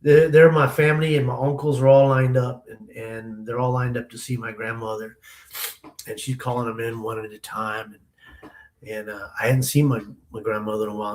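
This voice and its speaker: A man, an interview guest, telling a personal story in an emotional, halting way and often repeating words as he restarts. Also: medium pitch.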